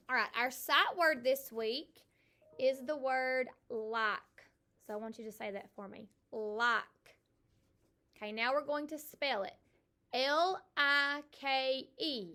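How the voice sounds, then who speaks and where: Middle-aged woman, kindergarten teacher, high bright voice, slow exaggerated phonics sounding-out. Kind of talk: recorded phonics lesson for young children.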